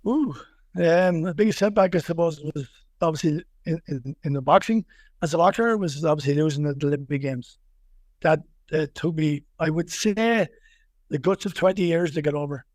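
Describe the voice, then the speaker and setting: A middle-aged man with a strong Wexford Irish accent talks in a relaxed, rambling way, stacking restarts and repeated words. His voice sits a little high for a man. The sound is close and dry. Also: normal speed, no echo. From Ireland. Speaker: boxing coach, guest. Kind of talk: casual podcast interview.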